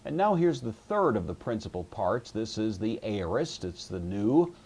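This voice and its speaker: Low husky man teaching a lesson. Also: sing-song, normal speed, darkish tone. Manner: patient, methodical explaining with occasional fillers. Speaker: Greek teacher. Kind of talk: recorded classroom lecture.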